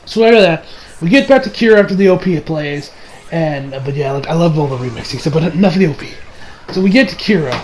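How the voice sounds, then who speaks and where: A young man casually reviewing an anime episode, excitable and swearing, acting out scenes with sudden shouts. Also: a little high, quick pace.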